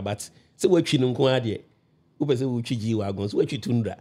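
A man's voice: medium pitch, fast, dark tone, husky. A man, a guest on a radio talk show, explaining his view at length, often restarting and checking that the listener understands. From Ghana.

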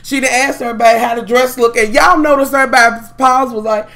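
A woman's voice: a little high, steady tone, quick pace, few pauses, a bit bright. A woman vlogging a profane, sassy gossip rant with mocking, dramatic flair. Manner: profane, sassy, heavy swearing. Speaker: vlogger recapping a reality show.

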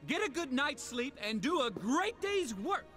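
An actor voicing an upbeat male koala theater owner with smooth, persuasive showman patter, in an animated film. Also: extremely high pitch, measured pace, music in the background, heavily acted. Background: film score.

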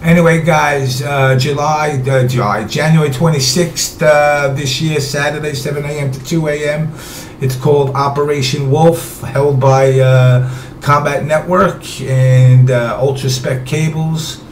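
A man's voice: on the high side, fairly even intonation, unhurried. A man runs a casual online talk show, drifting from topic to topic and dropping swear words without a second thought. His voice carries a roomy echo, and a constant background noise hums beneath it. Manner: profane, rambling, offhand. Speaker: show host.

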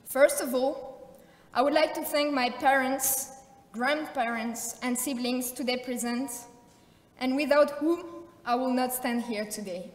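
A woman's voice: high-pitched, measured pace, slight background noise. A woman in her twenties from France with a French accent, giving a formal valedictorian speech at a graduation. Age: 20s. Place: large ceremony hall. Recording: echoey hall, distant mic.

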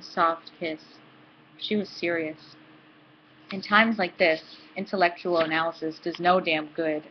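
A woman hosting a book club, reading a novel aloud in a steady, dry manner. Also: lowish voice, lo-fi sound, slight background noise.

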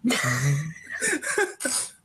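A man's voice: on the high side, huge pitch swings, extremely slow, pushed and bright, husky. A man hosting a casual interview, asking blunt, joking questions and often stumbling over and repeating his words. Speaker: host interviewing a guest. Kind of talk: casual, crude interview chat.

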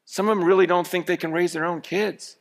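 A man preaching a sermon, telling a story with lively energy that rises to shouts. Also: high-pitched, fairly quick. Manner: storytelling, animated, rising to shouts. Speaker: pastor.

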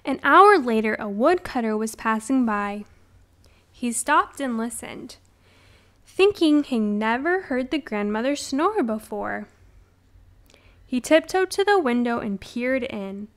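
A woman's voice: on the high side, expressive, fairly bright tone. A woman narrating a children's read-along storybook. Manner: slow, deliberate storytelling.

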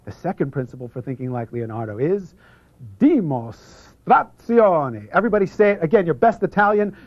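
A man leads an instructional seminar with lots of energy, drawing out foreign terms so the audience can call them back. His voice sits a little high for a man, and at times he drops to a near hush. The recording is dull and lo-fi. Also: fast, no room sound. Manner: energetic, stretching out foreign words for the audience to repeat; drops to a hush for some passages. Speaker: seminar presenter. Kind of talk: instructional seminar talk leading audience repetition. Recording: muffled lo-fi video recording.

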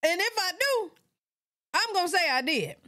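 A woman's voice: very high-pitched, sing-song, moderate pace, sharp tone. A woman hosting a reaction channel, giving blunt, profane commentary on clips in a casual way. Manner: blunt, profane, laughing asides.

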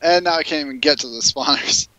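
A man co-playing a video game in casual chat, laid-back, his sentences often trailing off quietly. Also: on the high side, fast talker. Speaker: co-player.

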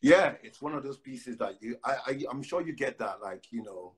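A man's voice: medium pitch, lively intonation, moderate pace. A man, a poet, chatting loosely with many fillers and then reciting spoken word verse with rhythmic emphasis over a phone live stream. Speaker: guest poet. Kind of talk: casual chat and spoken word poetry reading. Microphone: phone on a live video stream.

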